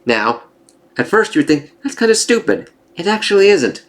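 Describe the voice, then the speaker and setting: A man with a high-sitting voice, very animated and at a normal speed, gives a casual spoiler review of a comic. He swears freely, rambles, corrects himself, and reads the dialogue aloud in livelier voices.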